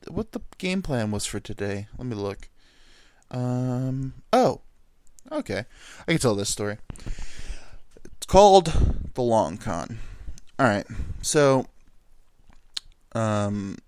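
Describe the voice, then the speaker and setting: A man's voice: mid-range voice, slow, pauses often, smooth. A man in his thirties from New York, telling rambling, crude stories in a casual solo monologue. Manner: rambling, animated, crude humor, jumps into silly voices. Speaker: vlogger.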